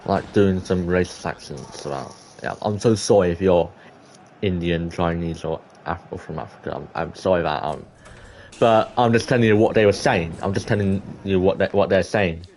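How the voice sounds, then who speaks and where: A teenage boy telling a school story to camera in an excitable, rambling way, full of restarts and exclamations. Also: deep voice, moderate pace, slight background noise. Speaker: vlogger.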